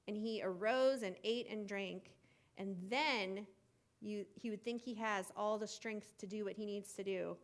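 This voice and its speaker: A woman teaching children a Bible story, animated and playful, acting out the quotes with shifting loudness. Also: mid-range voice, normal speed. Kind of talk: Bible story lesson for kids.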